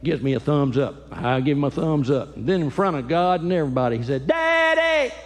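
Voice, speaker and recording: A man voicing little boys whining and pleading with their daddy in a high, kiddish voice. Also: big pitch swings, fairly quick. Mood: excited. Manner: high-pitched pleading kid voice. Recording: live hall with long reverb.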